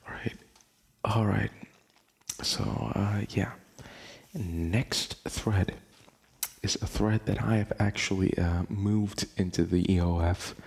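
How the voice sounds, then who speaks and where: A man's voice: lowish voice, steady tone, slow pace, gravelly, pauses often, a little mellow, slightly rough. A young man hosting a casual late-night podcast, rambling, laughing often and swearing casually. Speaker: podcast host.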